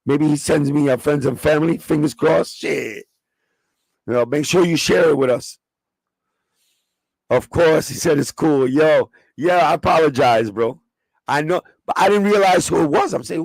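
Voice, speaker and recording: Gravelly New York man, sneaker livestream. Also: a little high, normal speed, no room sound. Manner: profane, streetwise, chatting with live viewers. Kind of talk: casual livestream chat.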